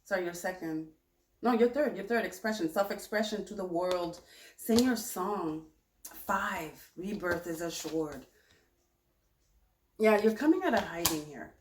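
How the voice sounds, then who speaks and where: A woman giving a tarot reading in a chatty, animated, self-correcting way. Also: lowish voice, a little slow, long pauses, echoey room, slight background noise. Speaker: tarot reader.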